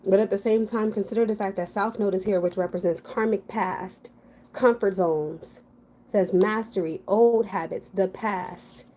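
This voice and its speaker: A woman's voice: medium pitch, a little mellow, slight background noise. A woman giving a casual general tarot reading, talking frankly and thinking aloud to her viewers. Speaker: tarot reader.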